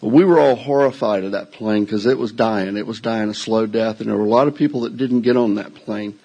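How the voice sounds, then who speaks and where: An older man with a drawl spins a story for a live audience indoors. His voice is husky and a little worn. He tells it in a folksy, self-mocking way. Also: fairly low pitch, a little fast, warm tone, low-quality recording.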